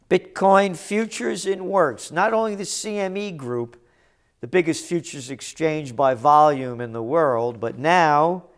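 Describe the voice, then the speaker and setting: An older man with a fairly high-pitched voice hosts a trends commentary show. He delivers a combative, sarcastic ranting monologue that breaks into shouted insults.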